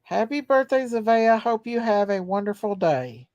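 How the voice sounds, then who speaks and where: A woman's voice: mid-range voice, expressive, moderate pace, few pauses, a little mellow, no echo, highs cut off. A woman hosting a casual livestream, chatting folksy with viewers and singing to them. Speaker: livestream host reading chat. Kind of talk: casual live chat.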